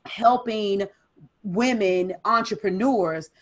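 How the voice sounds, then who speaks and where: A woman's voice: medium pitch, takes it slowly. A woman who is a personal development coach and business strategist, talking emphatically in a casual interview conversation. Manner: emphatic, driving coaching talk.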